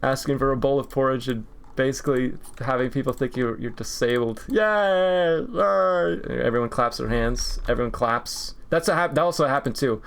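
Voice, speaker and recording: A young man chats casually on a stream while he draws, at an ordinary mid pitch. He rambles from one jokey tangent to the next and laughs often. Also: steady tone, a little fast, hardly any pauses. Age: 20s. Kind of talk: casual chat while drawing.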